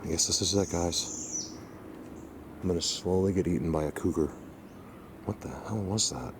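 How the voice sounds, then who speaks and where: A man vlogging on a handheld camera outdoors in the woods, rambling excitedly and talking to his viewers. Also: sits low, normal speed. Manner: excitable, rambling, addresses viewers as you guys. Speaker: Bigfoot hunter vlogger. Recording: noisy outdoor camera audio. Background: birds and outdoor ambience.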